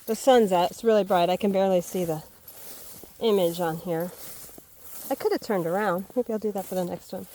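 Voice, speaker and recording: A woman with a mid-range, mellow voice talks a little fast as she walks a wet hay field for a casual homesteading vlog, thinking aloud and calling to her dogs. Dogs and rural outdoor sounds fill the background, along with slight background noise.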